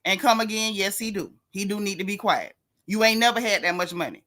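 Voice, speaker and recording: A woman's voice: mid-range voice, brisk, a bit bright. A woman hosting a casual gossip livestream, talking in a sassy drawl and greeting her viewers.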